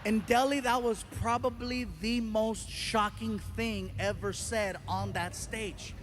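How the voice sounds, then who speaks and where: A male stand-up comedian telling a story on stage, animated and acting out the voices of the people in it. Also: high voice, takes it slowly, background noise.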